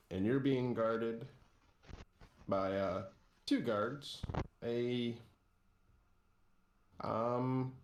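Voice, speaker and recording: A man narrates a tabletop game as game master with a low voice. He speaks very slowly and in a relaxed way, with fillers and restarts. The recording has a roomy echo.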